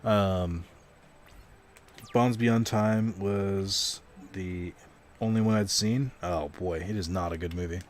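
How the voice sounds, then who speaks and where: A man's voice: low-pitched, fairly even intonation, takes it slowly, long pauses. A young man casually commenting on a card video game stream, rambling and self-deprecating, swearing now and then.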